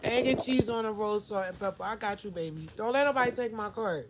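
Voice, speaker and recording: A woman's voice: medium pitch, brisk. Middle-aged new lady streaming live from a deli, emotional and open, lots of noise around. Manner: candid, emotional, talks to chat and shop staff. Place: corner store or deli. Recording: noisy store with traffic.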